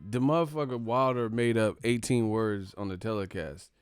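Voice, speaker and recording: Young dude riffing on boxing fights, cussing and laughing a lot, dry close mic. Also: male voice, lowish voice, moderate pace, clear, resonant tone, no room sound. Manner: profane, laughing often, mimicking commentators. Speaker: boxing channel host. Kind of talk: casual live-stream commentary.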